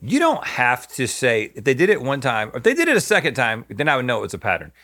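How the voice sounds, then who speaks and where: A middle-aged man in casual conversation who talks earnestly and at length. His pitch moves a lot, rising and falling as he makes his point. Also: wildly swooping pitch, fast, pushed and bright. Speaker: podcast co-host. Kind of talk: casual chat.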